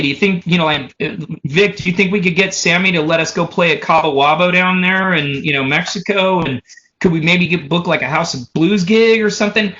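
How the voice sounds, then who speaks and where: Bright-voiced man telling a profane story. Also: sits high, normal speed, muffled recording. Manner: animated, profane, runs stories with "he goes" and "so anyway". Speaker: drummer and podcast guest. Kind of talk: casual storytelling.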